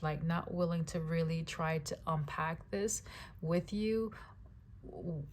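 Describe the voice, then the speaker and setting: A woman's voice: sits low, fairly even intonation, slow, darkish tone. A woman giving a casual tarot reading. She talks in a chatty way, repeats phrases, and keeps checking in with "right?" and "okay?". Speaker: tarot reader.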